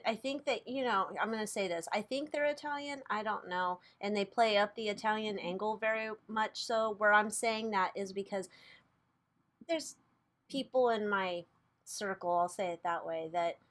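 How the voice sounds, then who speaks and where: A woman talking through a tarot reading in a loose, chatty way, at an ordinary middle pitch for a woman. She swears freely and laughs at her own slips. Her delivery is casual and unpolished, like someone talking straight to her viewers. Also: a bit bright. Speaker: tarot reader and channel host.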